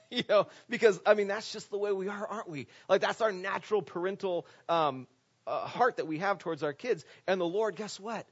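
A man with a fairly high voice preaches to his congregation in an animated, conversational way. He keeps asking them rhetorical questions. The recording sounds dull and lo-fi. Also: moderate pace. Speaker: pastor. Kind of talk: conversational sermon.

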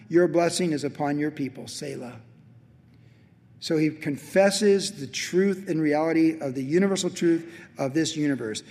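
Pastor, male, higher voice, big swings from fervent preaching to whispered intimacy, long reverb of a sanctuary. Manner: swings from loud emphatic preaching to hushed near-whisper. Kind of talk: sermon.

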